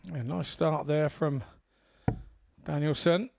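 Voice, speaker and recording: A man's voice: a little high, steady tone, slow pace, gravelly, a little mellow, no echo. A man co-commentating on darts, jokey, with advice on the players' mindset. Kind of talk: live sports commentary.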